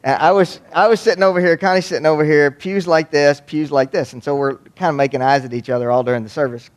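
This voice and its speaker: He talks fast in a slightly high voice, a man from Waco, Texas entertaining an audience with humorous youth ministry stories in a folksy, joking, animated way.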